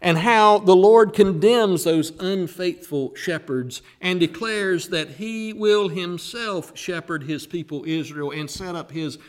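A man preaching a sermon, who slows down and leans hard on the words he wants to stress. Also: a little high.

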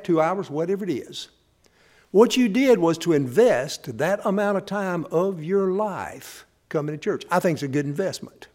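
A pastor preaching in a folksy, storytelling way, often speaking directly to his listeners. His voice sits a bit higher than most men's. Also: darkish tone. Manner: folksy storytelling, talks straight to the audience. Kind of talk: sermon.

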